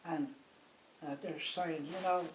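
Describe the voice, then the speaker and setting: A woman's voice: low-pitched, steady tone, takes it slowly. Older woman telling a rambling story. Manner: rambling, chatty, checks in with "right?" and "like". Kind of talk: casual storytelling. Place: living room, on a sofa. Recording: hissy, muffled home recording from a distance in an echoey room.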